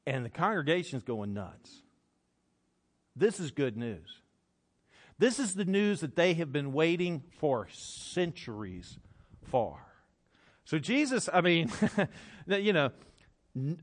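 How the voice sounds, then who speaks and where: A man preaching a sermon, telling the story dramatically and acting out the crowd's reactions, swinging between loud bursts and hushed passages. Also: on the high side, moderate pace, pauses often. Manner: animated, acts out crowd reactions.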